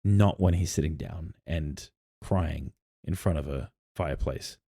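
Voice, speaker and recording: A man's voice: extremely low pitch, measured pace, mellow, slightly rough, dry recording, clean studio sound. A man co-hosting a podcast, recounting his tabletop campaign in rambling casual chat full of fillers and restarts. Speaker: podcast co-host and game master.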